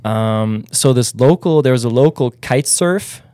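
A man's voice: mid-range voice, animated, a little slow, dark tone, dry recording, clean studio sound. A man from Germany telling stories as a guest on a podcast, laid-back and full of "like" and "um". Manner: laid-back, fills speech with "like" and "um". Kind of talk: casual interview chat.

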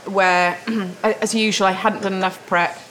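A woman actor as a guest at a restaurant lunch interview, telling stories in a lively, laughing way. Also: medium pitch, measured pace, heavy background noise. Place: restaurant table.

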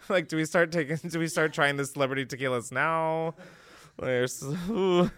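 A man's voice: medium pitch, fairly quick, a bit bright, clean tone, dry recording. Rambling, self-mocking young man, dry mic. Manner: rambling, self-deprecating, swearing. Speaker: podcast host. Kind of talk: casual comedic monologue.

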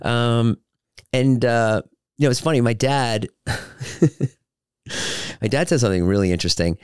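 A man's voice: medium pitch, normal speed, a little mellow, clean tone, no room sound, studio quality. A man hosting a solo podcast, telling joking, rambling anecdotes with lots of fillers and restarts. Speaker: podcast host.

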